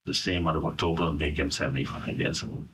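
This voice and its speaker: A middle-aged Bahamian man recounting a personal ordeal in an interview, halting and full of "you know". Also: rumbling low, fairly even intonation, a bit bright, slight background noise. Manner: halting, searching for words, frequent "you know". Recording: voice from a distance.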